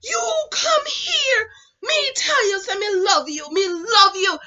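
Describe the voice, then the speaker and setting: A woman voicing a lovesick Jamaican teenage boy who pleads loudly in a Jamaican accent. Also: slow pace, highs cut off, heavily acted. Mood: pleading. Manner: whiny pleading patois, loud and high.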